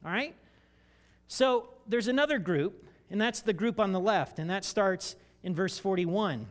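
A man with a high voice preaches a sermon to his congregation. He is expressive and drags out key words for emphasis. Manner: expressive, slows down for emphasis and acts out quoted voices. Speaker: pastor.

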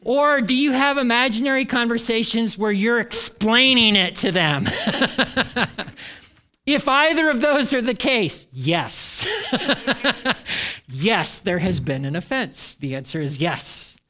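A middle-aged man preaching a sermon with a high, bright voice. He talks to his congregation in an animated way and slips into the voices of the people he quotes. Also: a little slow, hardly any pauses. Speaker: pastor.

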